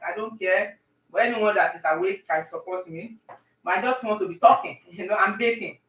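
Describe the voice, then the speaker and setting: A woman chatting with viewers on a live stream while she bakes at home, talking warmly and greeting people by name. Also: medium pitch, a little fast, echoey room, recorded from a distance, poor audio. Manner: warm, talkative, talks to viewers by name. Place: home kitchen.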